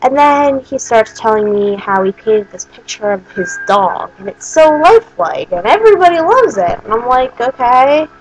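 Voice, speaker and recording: A woman's voice: fairly high pitch, sing-song, moderate pace, few pauses, slight background noise, rough recording. A young woman vlogging, telling a story in a rambling way with lots of swearing and bursts of disbelief. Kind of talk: casual storytime monologue.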